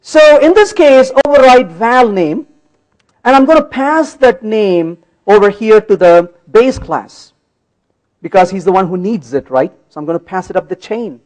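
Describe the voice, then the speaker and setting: A man's voice: sits high, expressive, a little slow, a little mellow, poor audio. A man giving a conference talk while live-coding, playful and teasing with the audience, often checking that they follow. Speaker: conference speaker. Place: conference hall.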